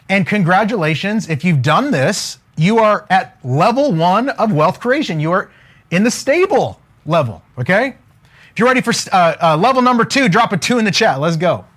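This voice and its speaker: A man coaching on wealth during a live stream, energetic and casual, joking and preacher-like as he keeps asking viewers to comment. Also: sits high, normal speed.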